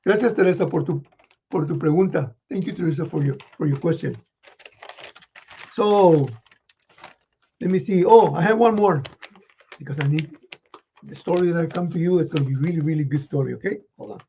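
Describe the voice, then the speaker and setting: A man playing Santa Claus, reading children's letters with a folksy chuckle and many pauses. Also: on the high side, vocal fry, mellow, lo-fi sound, a little hiss or hum. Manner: chuckling, folksy, halting with fillers.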